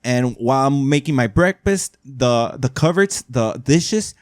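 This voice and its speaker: A man's voice: mid-range voice, lively intonation, a little slow, dry recording, studio quality. A man hosting a podcast, telling a story in a rambling way and often asking "right?". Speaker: podcast host. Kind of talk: casual storytelling.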